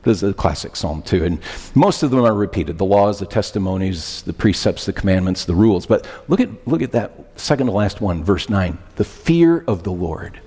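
A man's voice: deep voice, brisk, slightly rough. A man preaching a sermon as pastor, emphatic and questioning, repeating key phrases. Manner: animated, questioning, emphatic repetitions. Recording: long hall reverb.

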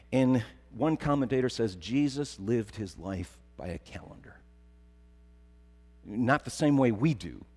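A man's voice: mid-range voice, a little mellow, slightly rough. A middle-aged man preaching a sermon, telling stories and building to emphatic repetition. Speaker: pastor. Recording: long hall reverb.

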